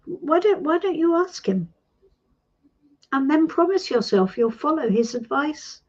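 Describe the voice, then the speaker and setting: Middle-aged British woman, tarot host; warm, encouraging coaching talk, animated delivery over slightly muffled stream audio. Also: high voice, measured pace. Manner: warm, reassuring, calls people sweetie. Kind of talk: live-stream coaching chat.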